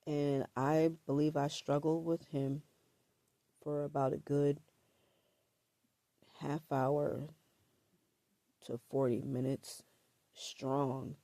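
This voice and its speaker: A woman telling her own story to camera in a halting, hesitant way, repeating words and filling pauses, with a throat scratchy from allergies. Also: low voice, flat delivery, dark tone, dry recording.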